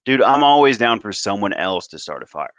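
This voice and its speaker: A man's voice: on the low side, big pitch swings, brisk, fairly bright tone, dry recording. A man co-hosting a casual podcast, rambling loosely and laughing easily between thoughts. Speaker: podcast co-host.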